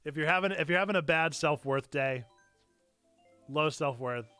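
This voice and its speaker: A man giving live commentary while he plays a video game on stream, excitable and quick to break into shouts at what happens in the game. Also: fairly high pitch, smooth, no echo, faint music behind. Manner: excitable, bursts into shouting over game events. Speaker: church gaming streamer.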